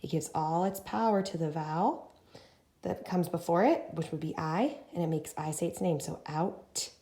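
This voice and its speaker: Woman teacher for a young kids' writing lesson, lowish voice, sounds out words slowly, echoey room. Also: mellow. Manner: slow and encouraging, sounding out words. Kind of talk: early-grade writing lesson.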